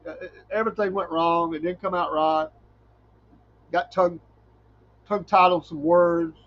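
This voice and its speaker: A man's voice: sits high, husky, muffled recording. A middle-aged man, a preacher hosting a podcast, talking in a folksy, rambling way and laughing often. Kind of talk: casual solo podcast talk.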